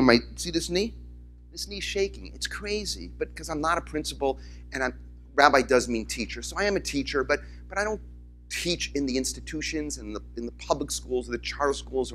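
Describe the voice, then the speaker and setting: A rabbi gives a keynote to a crowd, a man whose voice comes across bright and forceful. He spins his stories with animation and slips into the voices of others, while a little music lingers faintly behind him. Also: mid-range voice, brisk. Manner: storytelling, animated, acts out quoted voices. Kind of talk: conference keynote speech. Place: conference hall, in front of audience.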